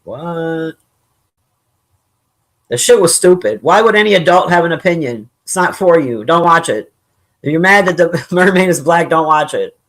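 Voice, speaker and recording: A live streamer reads chat and talks loosely with viewers in a mid-range, slightly bright voice. They're animated and speak at a normal speed. Blunt and opinionated, they joke around, curse frequently, and laugh often.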